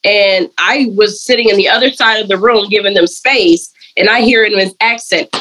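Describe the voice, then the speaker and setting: A woman, a dog groomer and colorist, telling her story in a casual interview and slipping into lively voices when she quotes people. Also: medium pitch, moderate pace, low-quality recording. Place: lives and works in Atlanta.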